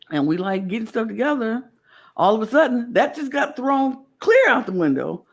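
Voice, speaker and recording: A woman co-hosting a casual podcast chat, talking in an animated way and acting out the quoted lines she retells. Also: fairly high pitch. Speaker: podcast co-host.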